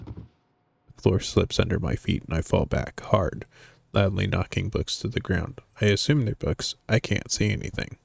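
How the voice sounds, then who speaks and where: A man's voice: low voice, normal speed, vocal fry, breathy edge, dry recording. A man streaming a game, reading its lines aloud in a dry, wry way. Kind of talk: reading a visual novel aloud. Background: faint game music.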